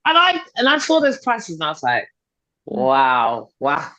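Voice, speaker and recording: Her high voice swoops wildly in pitch, bright and forceful, going a little fast. This middle-aged fitness and confidence coach is a podcast guest giving motivational, conversational talk, pushing her points persuasively and repeating them for emphasis. The recording sounds dull and slightly lo-fi.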